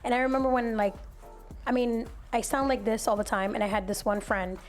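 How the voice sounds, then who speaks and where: A young adult woman hosting a podcast, telling stories in a casual, animated way and acting out other people's voices. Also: fairly high pitch, brisk, faint music behind. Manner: animated storyteller who acts out voices. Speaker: podcast host.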